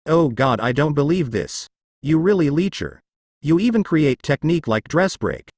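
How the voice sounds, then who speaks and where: A male text-to-speech voice reads a fanfic with a lively, swooping intonation. It pronounces stray letters and punctuation word for word, in a dry, close sound. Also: fairly high pitch, moderate pace, no room sound. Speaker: narrator.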